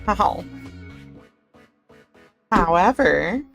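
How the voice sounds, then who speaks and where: A woman's voice: fairly low pitch, lively intonation, extremely slow, gravelly, fairly bright tone, soft background music. A woman streamer chatting casually with her viewers during a live game stream.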